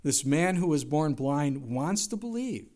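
A man's voice: on the high side, very animated, measured pace, darkish tone. A man preaching a sermon, emphatic, with rhetorical questions and rising exclamations. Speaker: pastor.

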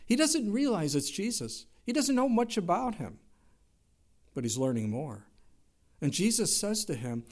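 Male pastor, fairly high-pitched, emphatic sermon delivery with rhetorical questions. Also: sing-song, moderate pace, darkish tone. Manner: emphatic preaching with rising exclamations and rhetorical questions.

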